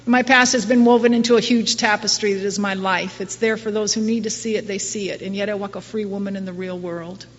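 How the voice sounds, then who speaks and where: A woman's voice: medium pitch, steady tone, a little fast, hardly any pauses. A middle-aged woman speaking to a recovery group in a wry, self-mocking, conversational way, with many restarts. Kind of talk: personal talk to a recovery group. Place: meeting hall. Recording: distant muffled hall recording.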